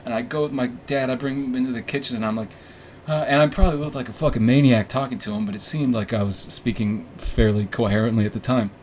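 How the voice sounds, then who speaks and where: A man's voice: mid-range voice, fairly even intonation, fast talker, darkish tone, a little hiss or hum. A young man hosting a podcast, telling a story casually, rambling and swearing, with frequent laughs. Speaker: podcast host.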